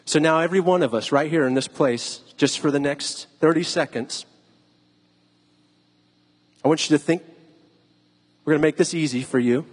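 A man's voice: a little high, normal speed, pauses often, breathy edge, long reverb tail. A pastor giving a conversational sermon, putting questions to his listeners. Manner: conversational, asks the audience questions.

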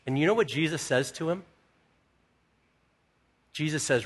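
Husky-voiced preacher in an echoing hall. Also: male voice, fairly high pitch, a little slow. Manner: conversational storytelling, acts out quoted dialogue. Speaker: pastor. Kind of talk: sermon. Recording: echoey hall with long reverb.

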